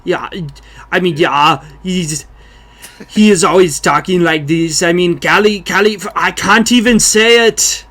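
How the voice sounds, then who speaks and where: A man's voice: sits high, a little slow, fairly bright tone. A young man hosting a casual podcast chat, loose and joking, who keeps slipping into celebrity impressions. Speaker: podcast host.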